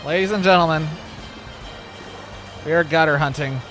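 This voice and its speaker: A man's voice: a little high, normal speed, a bit bright, faint music behind. A man chatting casually while livestreaming a game, joking, rambling and laughing often. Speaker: streamer. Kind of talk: casual gaming livestream chat.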